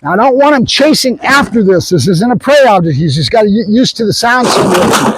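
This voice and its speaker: A man training a puppy on camera, explaining his methods to viewers in a casual way and breaking into excited praise for the dog. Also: high voice, fairly quick, very noisy. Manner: casual, addresses viewers as guys. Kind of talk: hands-on training demo with commentary to viewers. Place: outdoors at a training area.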